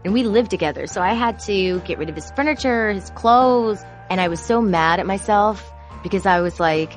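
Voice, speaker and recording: A woman who produces court shows tells candid, confessional stories about her job and grows animated when she quotes herself. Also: mid-range voice, moderate pace, faint music behind. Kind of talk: personal storytelling.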